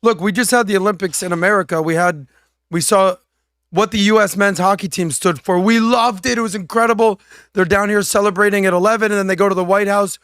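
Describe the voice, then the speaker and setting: Hesitant, high-voiced male podcaster. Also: fairly even intonation, brisk, a bit bright, clean tone, dry recording, studio quality. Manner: casual, hesitant storytelling. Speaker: podcast co-host. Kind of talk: podcast discussion.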